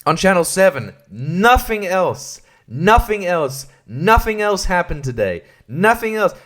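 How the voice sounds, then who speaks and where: Man, solo podcast host, profane and irreverent rant, slightly higher voice. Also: very animated, measured pace, fairly bright tone. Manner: profane, irreverent, laughs mid-sentence.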